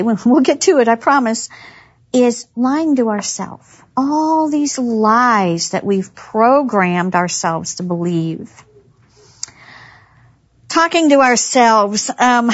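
A woman gives a humorous, chatty devotional talk to women, laughing often as she tells stories. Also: fairly high pitch. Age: 60s. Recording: dull lo-fi recording.

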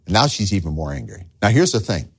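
A man's voice: low-pitched, big pitch swings, fast talker, breathy edge. A man preaching a sermon as a pastor, earnest, asking the listeners rhetorical questions and repeating words as he starts phrases.

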